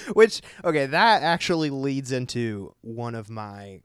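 Smooth-voiced man chatting animatedly. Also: medium pitch, slow pace. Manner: animated, laughing, frequent "like". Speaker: podcast co-host. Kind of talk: casual chat.

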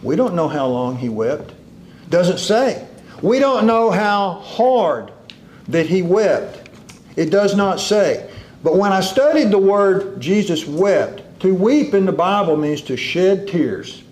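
A man preaching a sermon, drawing out key words slowly and dropping into a low hush for emphasis. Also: big pitch swings, slight background noise.

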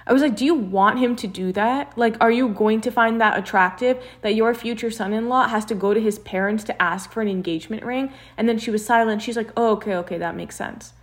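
A woman's voice: a little high, brisk, hardly any pauses. A young woman telling a personal story in casual chat, acting out what others said. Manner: animated storyteller, acts out quotes.

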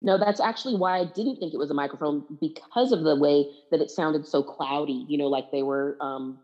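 A woman's voice: low voice, brisk, a little mellow, highs cut off. A woman in casual conversation about a TV series, frank and chatty, often correcting her co-host. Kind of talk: casual chat.

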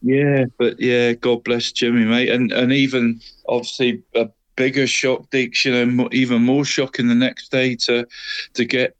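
A man's voice: mid-range voice, level tone, unhurried, clear, resonant tone, muffled recording. A middle-aged man, co-hosting a football podcast in easy casual chat, laughing often and calling his friend "mate". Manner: chatty, says "mate" constantly, laughs often. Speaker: podcast co-host.

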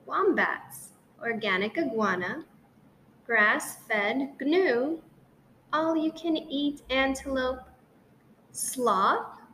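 A woman reads a children's story aloud, playful and expressive. She takes her time, with a fairly high voice. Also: a little hiss or hum.

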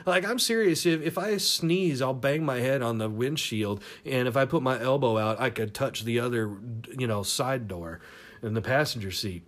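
A man spins a crude personal anecdote in an easy, casual way. He rambles, swears freely and chuckles at his own story. His voice sits at an ordinary middle pitch. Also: normal speed, fairly bright tone. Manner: rambling, profane, laughs through his stories.

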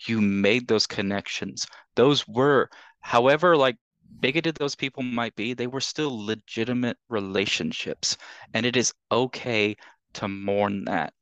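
A man's voice: medium pitch, a little slow, a bit bright, no room sound. A man co-hosting a podcast in casual conversation, talking earnestly and emotionally and urging listeners directly. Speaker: podcast co-host.

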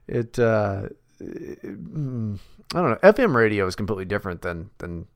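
A man's voice: on the low side, big pitch swings, moderate pace, no echo, studio quality. A man co-hosting a podcast, talking bluntly and profanely, mocking and ranting in casual chat. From West Virginia. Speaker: podcast co-host.

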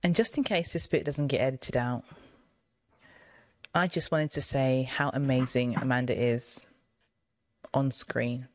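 A woman's voice: extremely low pitch, normal speed, darkish tone, no room sound. A young woman co-hosting a podcast in casual chat, playful and teasing, laughing often. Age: young adult. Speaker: podcast co-host.

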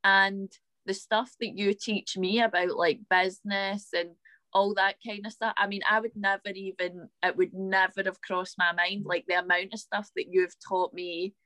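Woman, podcast co-host, chatty, enthusiastic, mid pitch, dry close sound. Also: little pitch movement, moderate pace, sharp tone, no echo. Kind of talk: casual chat.

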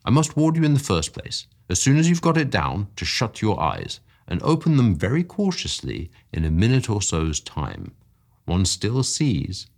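A man voicing an excitable male scientist who talks fast and shouts in high, breathless bursts. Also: gravelly, exaggerated voice. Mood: urgent. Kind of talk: audiobook character voice.

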